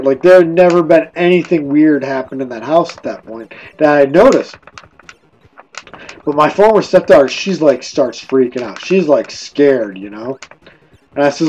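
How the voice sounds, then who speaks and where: Man, drunk, slightly high-pitched, rambling, casual ghost storytelling on a game stream. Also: animated, brisk, darkish tone, poor audio. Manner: rambling, with many restarts and "like".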